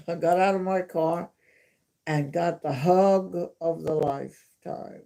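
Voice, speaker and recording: A woman's voice: on the low side, takes it slowly, vocal fry, warm tone. A woman hosting a livestream from home, telling stories in a chatty, casual way and repeating herself for emphasis. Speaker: livestream host. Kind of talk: casual storytelling.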